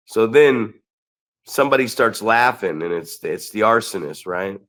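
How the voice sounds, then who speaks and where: A man co-hosting a wrestling podcast, telling stories in an animated, excitable way with lots of restarts. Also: lowish voice, normal speed. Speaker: podcast co-host and wrestling promoter. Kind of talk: casual storytelling chat.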